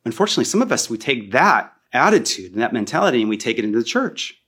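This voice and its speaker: A man preaching a sermon as a pastor, animated and repeating key phrases for emphasis. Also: mid-range voice, fast, breathy edge.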